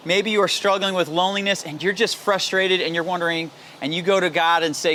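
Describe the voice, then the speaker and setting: A man's voice: a little high, fast, hardly any pauses, bright, forceful tone, a little hiss or hum. A male pastor giving a daily devotional sermon in an earnest, candid and personal way, with pleading, emphatic repetition.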